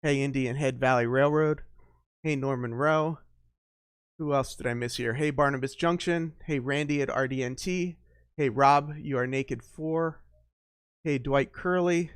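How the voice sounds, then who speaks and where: Man, live stream host, casual, halting with fillers, mid-pitched, dry close sound. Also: clear, resonant tone, dry recording. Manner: unscripted, greets viewers by name, halting with fillers.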